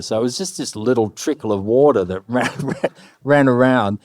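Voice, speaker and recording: A middle-aged man telling anecdotes on stage, animated, swearing freely and acting out the lines of other people. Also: lowish voice, normal speed, no room sound, studio quality. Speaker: guest musician. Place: live stage before an audience.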